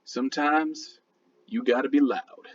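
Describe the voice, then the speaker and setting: A man voicing a cold, fierce gunslinger with a slow, menacing drawl. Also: mid-range voice, dull audio, close to an everyday voice.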